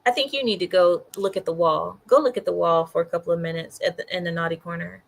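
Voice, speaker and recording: A woman's voice: fairly low pitch, a little fast, gravelly, few pauses, poor audio. A woman reacting to the news as a commentator, exasperated and mocking, often repeating herself. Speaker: political commentator.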